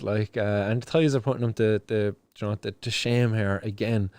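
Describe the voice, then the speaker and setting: A man's voice: fairly low pitch, brisk, hardly any pauses, a little mellow, dry recording. A young Irish man hosting a casual livestream news show, ranting with lots of swearing, fillers and restarts. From Ireland. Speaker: show host.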